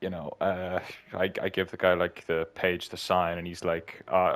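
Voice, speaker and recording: A man's voice: deep voice, little pitch movement, moderate pace, a bit bright. A young man telling rambling joke stories in casual chat with friends, full of fillers. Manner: rambling, filler-heavy storytelling with laughs.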